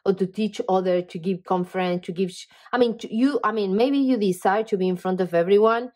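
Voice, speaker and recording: A woman's voice: medium pitch, fairly quick. Enthusiastic tarot reader woman. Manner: animated, enthusiastic, talks straight to the viewer; frequent fillers and "okay?" check-ins. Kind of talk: casual tarot reading to camera.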